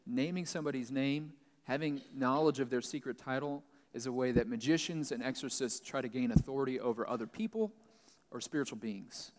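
A man's voice: medium pitch, a little mellow. A man pastor giving Bible teaching, reading a passage and then explaining it plainly. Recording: long reverb, large hall.

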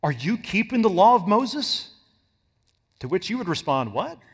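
A man's voice: sits high, sing-song, normal speed, breathy edge, big-room sound. A man preaching a sermon as pastor, emphatic, stretching and stressing words for effect. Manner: emphatic, varies loudness and pace for stress.

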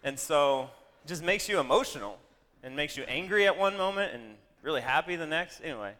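Bright, crisp man telling a story. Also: a little high, a little fast, long reverb tail. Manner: animated, self-deprecating asides. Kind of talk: storytelling to an audience.

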